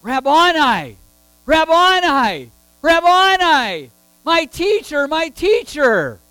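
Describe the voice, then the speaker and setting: A man's voice: very high-pitched, sing-song, slow pace, pushed and bright, no room sound, soft background music, pitched above the performer's own voice, exaggerated voice. A man voicing an overjoyed woman disciple. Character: joyful grieving woman disciple.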